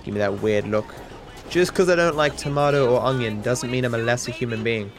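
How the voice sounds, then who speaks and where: An Australian man, a streamer, answering viewer questions in a casual, meandering way, with deadpan jokes and frequent restarts. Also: mid-range voice, a little fast. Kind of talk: casual rambling Q&A.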